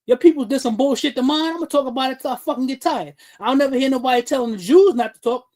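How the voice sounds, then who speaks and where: A man's voice: very high-pitched, fast, a little mellow, poor audio. A man hosts a livestream commentary, talking straight into the mic. He is blunt and heated, swears often and stops to greet viewers in chat by name. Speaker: livestream host.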